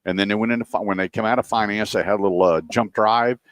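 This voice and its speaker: Low-voiced animated storyteller man. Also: quick pace, no room sound, clean studio sound. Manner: animated storyteller, acts out quotes. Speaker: radio show host. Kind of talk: casual talk radio chat.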